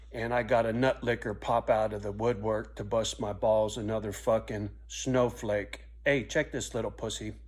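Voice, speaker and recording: Middle-aged vlogger, swearing, rambling, self-questioning, a plain mid-pitched voice. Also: male voice. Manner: profane, rambling, self-reflective, often ending lines with a muttered "right?". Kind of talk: casual monologue vlog.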